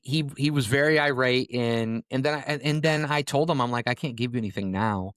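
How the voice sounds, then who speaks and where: A man's voice: fairly low pitch, dry recording, clean studio sound. A young adult man co-hosting a podcast, casually telling a rambling story with lots of fillers and the odd swear word. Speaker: podcast co-host.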